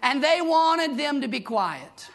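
A man preaching a fervent Pentecostal sermon, shouting in rhythmic bursts and tagging lines with "huh?". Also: very high-pitched, very animated, takes it slowly, creaky. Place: church sanctuary. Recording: live church with congregation behind.

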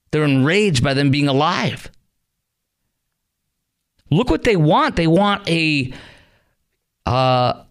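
A man's voice: fairly high pitch, a bit bright. A middle-aged man from Chicago hosting a call-in talk radio show, indignant and full of rhetorical questions.

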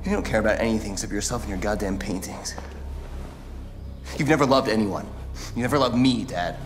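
An actor playing a desperate, bitter young adult son with a resentful manner and nervous laughter. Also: male voice, on the low side, brisk, lightly acted. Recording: reverberant game audio with music.

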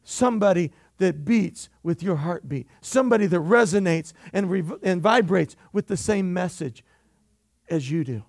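High gravelly preacher man, punchy and playful. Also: expressive, moderate pace, darkish tone, no room sound, studio quality. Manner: emphatic, jokey preaching with call-and-response. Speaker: pastor. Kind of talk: sermon. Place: church.

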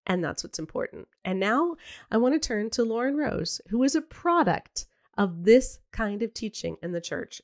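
Lively chatty woman podcast host. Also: a little high, normal speed, dry recording, clean studio sound. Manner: animated, effusive, chatty. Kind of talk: casual interview chat.

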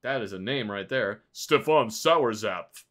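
A man's voice: lowish voice, lively intonation, unhurried, a bit bright. A man streaming a game live, chatting in a playful, teasing way and bantering like a stern border official.

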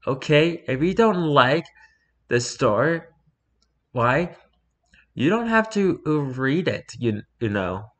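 Slow-talking man with sarcastic asides. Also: a little high, animated. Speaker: host reading a fan story aloud. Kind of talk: comedic reading with commentary.

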